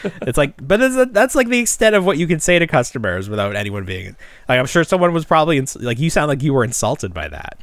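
A man's voice: a little high, sing-song, fast, no room sound. A man co-hosting a podcast, chatting casually and rambling, with lots of fillers and laughs. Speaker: podcast co-host. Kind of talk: casual chat.

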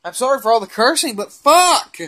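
A man's voice: very high-pitched, expressive, brisk, bright, forceful tone. A young man who is a gaming vlogger, ranting in frustration and cursing heavily as he rambles while playing a game. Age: young adult.

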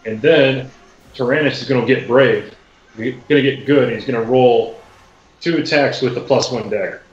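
Speaking at medium pitch and a moderate pace, this player calls out his rolls plainly during a casual tabletop game. The audio sounds roomy and dull, with faint music underneath.

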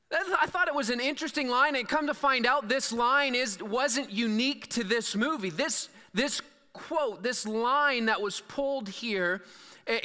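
A male pastor delivers a sermon in a church, reading scripture and then talking loosely with small restarts. His voice is bright and clean, and it carries a long reverb from the hall around him. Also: very high voice. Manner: conversational preaching with fillers and restarts. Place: church sanctuary.

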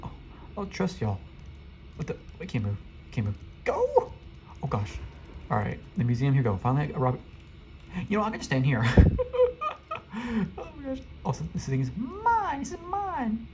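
A man giving excitable live gameplay commentary, talking to his viewers and rattling off rapid repeated urgings. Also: mid-range voice, noisy background. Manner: chatty, addresses viewers directly. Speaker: gaming video creator.

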